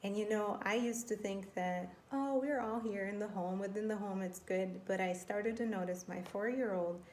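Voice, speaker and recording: A woman's voice: mid-range voice, a little mellow. Earnest woman giving a parenting talk. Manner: earnest and conversational, with many restarts and "you know". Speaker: Christian parenting speaker. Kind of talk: faith-based parenting talk. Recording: roomy, with faint background noise.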